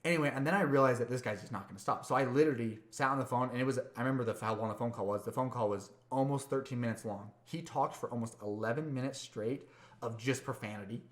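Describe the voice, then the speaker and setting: Fast-talking man telling a story. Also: mid-range voice, echoey room. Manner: rambling, repeats words, acts out quotes. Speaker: podcast co-host. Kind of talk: casual storytelling chat.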